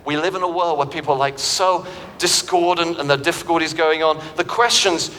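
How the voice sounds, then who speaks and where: A man preaching a sermon in a university chapel, telling stories and vivid analogies in an animated way. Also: fairly high pitch, a little fast. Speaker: pastor. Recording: reverberant hall with faint background noise.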